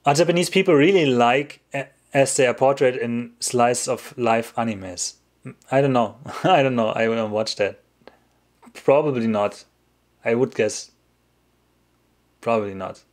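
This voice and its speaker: Hosting a casual English-language livestream, a man answers questions from chat at a measured pace with long pauses. His pitch is middling for a man, and he rambles, laughs a lot and cuts off his own sentences.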